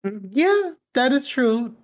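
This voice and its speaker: Chat podcast host; mid-pitched, very animated delivery, short swearing reactions and asides. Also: slow pace. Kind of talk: casual chat.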